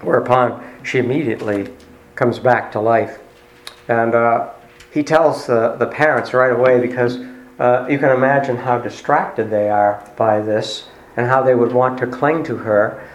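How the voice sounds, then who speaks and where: A man delivering a sermon, retelling a story in a conversational way with pauses and fillers. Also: medium pitch, steady tone, dull audio. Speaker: preacher. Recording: roomy echo.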